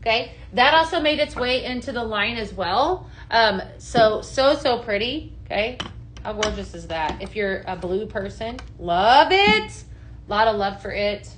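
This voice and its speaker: A woman's voice: fairly high pitch, expressive, measured pace, background noise. A woman consultant hosting a live product show, gushing and chatty, with lots of "just saying" and "right?". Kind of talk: upbeat live sales chat, reading viewer comments.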